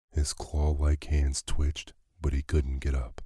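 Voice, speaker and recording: Very deep, flat-voiced male bedtime narrator. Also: slow, few pauses, husky, no echo, clean studio sound. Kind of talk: calm bedtime story narration.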